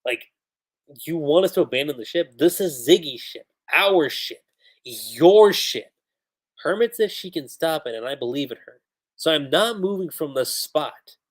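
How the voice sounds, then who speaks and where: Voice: medium pitch, expressive, a little slow. A livestream reviewer reading out a stubborn young crewwoman refusing to abandon her ship. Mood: defiant.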